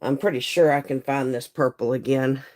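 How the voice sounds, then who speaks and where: A hoarse, croaky woman, hosting a live stream in folksy, chatty talk and greeting viewers by name. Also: very deep voice, fairly even intonation, normal speed, darkish tone. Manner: chatty, folksy, laughs often. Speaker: livestream host and seller.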